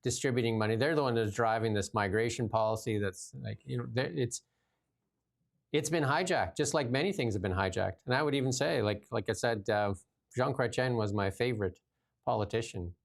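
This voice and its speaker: A man's voice: medium pitch, fairly quick, gravelly. A man hosting a political talk show, talking bluntly and animatedly in casual chat with frequent laughs. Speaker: show host.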